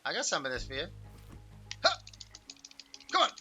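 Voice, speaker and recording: A man hosting a game stream, giving excitable, shouty commentary with playful trash talk. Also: high voice, brisk, pauses often, faint music behind. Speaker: gaming host. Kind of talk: live gameplay commentary.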